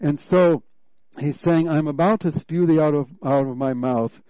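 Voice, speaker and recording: A man's voice: on the high side, normal speed, no echo, muffled recording. Man preaching a Bible-study sermon. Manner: expository Bible teaching, reads scripture aloud, animated when voicing God.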